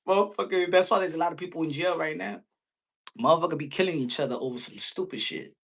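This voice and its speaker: A man's voice: fairly high pitch, fast talker, vocal fry. A man hosting a boxing live stream, talking animatedly and crudely and slipping into mocking impressions.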